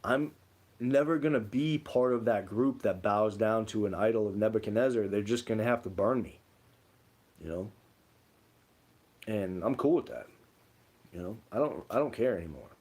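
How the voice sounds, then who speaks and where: A man's voice: on the low side, normal speed, pauses often, darkish tone. Rambling man chatting on a livestream. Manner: rambling storytelling, many "like" fillers. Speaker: livestream co-host. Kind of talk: casual livestream chat reading comments.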